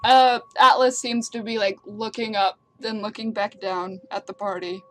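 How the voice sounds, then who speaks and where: A woman's voice: mid-range voice, fairly even intonation, normal speed, a bit bright, a little hiss or hum. A woman running a tabletop game as game master, narrating in a dry, teasing way.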